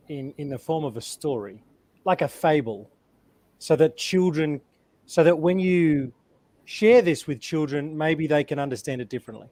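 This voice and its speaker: A man's voice: medium pitch, a little mellow, no room sound. A man on an online panel, telling a fable in an earnest way, often repeating his words, over a video call. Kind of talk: storytelling a fable.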